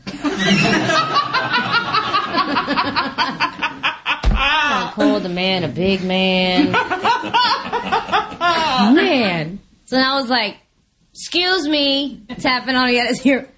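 A woman giving a personal testimony at a recovery meeting, telling stories in an animated way and acting out her own lines. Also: mid-range voice, measured pace, long pauses, heavy background noise. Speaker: speaker sharing at a recovery meeting.

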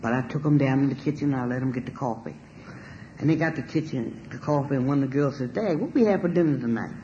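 A woman giving a spoken personal testimony, animated and emphatic, swearing freely and laughing as she tells it. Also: very deep voice, quick pace, dull audio, a little hiss or hum. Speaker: storyteller sharing a personal testimony.

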